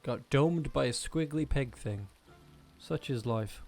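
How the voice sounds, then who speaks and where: A male streamer giving rambling, animated commentary while he plays a video game. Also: medium pitch, takes it slowly, vocal fry, faint music behind. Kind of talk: casual gameplay commentary.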